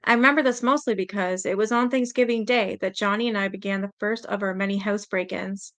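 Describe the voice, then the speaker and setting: A woman's voice: mid-range voice, steady tone, a little fast, a bit bright. A woman hosting her channel, reading letters aloud as a story, reading steadily and sometimes stumbling over words. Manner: reads steadily, stumbles on words, breaks in with blunt reactions. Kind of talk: storytelling reading with spoken asides.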